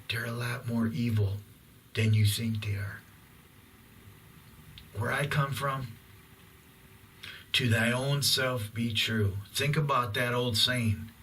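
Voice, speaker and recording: A man's voice: medium pitch, bright, forceful tone, far from the mic, a little hiss or hum, low-quality recording. A middle-aged man ranting to camera in a blunt, profane, intense way. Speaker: vlogger.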